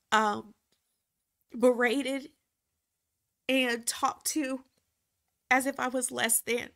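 A woman in an emotional personal reflection, speaking earnestly and with frequent pauses. Her voice sits a little high and sounds bright and clear. She moves slowly, often repeating herself to drive a point home. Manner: halting and earnest, repeating phrases for emphasis. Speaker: former reality TV cast member.

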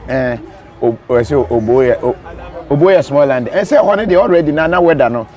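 A man's voice: mid-range voice, brisk, darkish tone. A man with a Ghanaian accent hosting a live stream, reading viewer comments and joking, switching between Twi and English. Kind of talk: casual chat.

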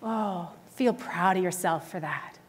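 A woman's voice: fairly low pitch, a little slow, husky. A woman in her forties, a minister giving a conversational sermon full of stories, who often laughs. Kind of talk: storytelling sermon. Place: church sanctuary.

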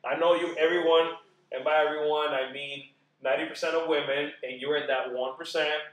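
A man chatting as a podcast guest about marriage, animated and acting out quoted voices as he talks. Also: fairly high pitch, a little fast, echoey room, poor audio. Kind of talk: casual podcast chat.

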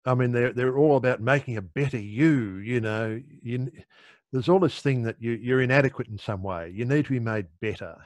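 A man's voice: mid-range voice, fairly quick, a little mellow, no room sound. A middle-aged man explaining meditation in an easygoing, conversational way, often restarting his sentences. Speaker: meditation teacher.

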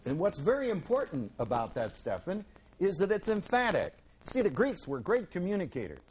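A man's voice: high voice, huge pitch swings, normal speed, breathy edge, rough recording. Emphatic man teaching a Bible class. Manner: emphatic, rhetorical questions, repeats words for stress.

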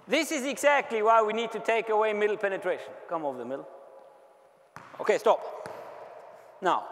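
A man with a German accent coaching basketball players through defensive drills, explaining calmly and calling out short repeated commands. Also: a little high, a little hiss or hum. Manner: instructive, shouts quick repeated commands during drills. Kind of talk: on-court coaching clinic. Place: large indoor basketball gym. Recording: long reverb of a large gym. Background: basketballs bouncing.

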